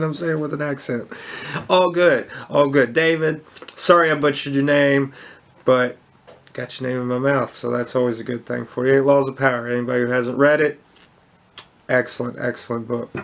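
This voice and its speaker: A man's voice: medium pitch, fairly bright tone. Rambling, enthusiastic male crypto vlogger. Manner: rambling, with many restarts and fillers; upbeat and enthusiastic. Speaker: crypto channel host. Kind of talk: casual unscripted commentary.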